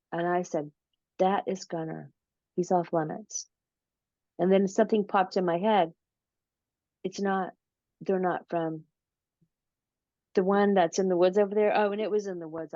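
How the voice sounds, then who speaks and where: A woman being interviewed, telling a long story slowly and casually, with many fillers and restarts. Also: mid-range voice, darkish tone, dry recording. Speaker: interview guest, paranormal researcher. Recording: dull lo-fi audio.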